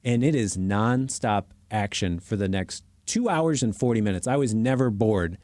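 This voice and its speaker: A man co-hosting a podcast, chatting casually about movies in an animated, joking, self-mocking way. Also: fairly low pitch, normal speed, no room sound, clean studio sound. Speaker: podcast co-host. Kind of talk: casual movie review chat.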